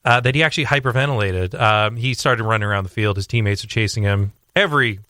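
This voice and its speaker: A young man talking sports on a radio show, rambling with fillers and restarts as he tells a story with growing excitement. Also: fairly low pitch, fast, no echo. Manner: animated storytelling. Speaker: sports commentator guest. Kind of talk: casual radio sports chat.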